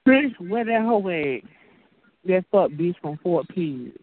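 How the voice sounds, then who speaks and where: A man's voice: high-pitched, expressive, slow pace. A man on a phone chat line, ranting and trading insults. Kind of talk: heated phone argument. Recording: tinny, noisy phone line.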